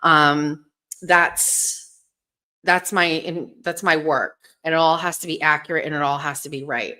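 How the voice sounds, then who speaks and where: Female host, casual stream chat; blunt and profane, rambles, somewhat low voice. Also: fairly even intonation, measured pace, sharp tone. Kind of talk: casual livestream talk to viewers.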